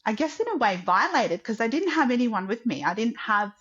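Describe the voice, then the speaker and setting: A woman's voice: fairly high pitch, very animated, a little fast, fairly bright tone, husky. Woman guest rambling through a story, lots of "like", kinda muffled lo-fi sound. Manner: chatty, acts out quotes, many "like" fillers. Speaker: podcast guest. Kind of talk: casual personal storytelling.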